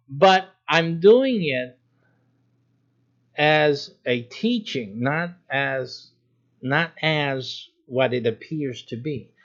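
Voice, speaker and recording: A man pastor giving an informal sermon teaching, with a demonstrative manner, acting out stern warnings and chuckling. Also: fairly high pitch. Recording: dull lo-fi livestream audio.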